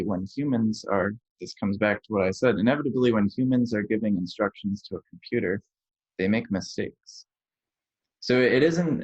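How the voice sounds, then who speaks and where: On a podcast, a guest software engineer walks through technical matters in a plain, casual way, filling gaps with lots of fillers. His fairly low voice is a little mellow and slightly rough, captured in dry, dull lo-fi audio.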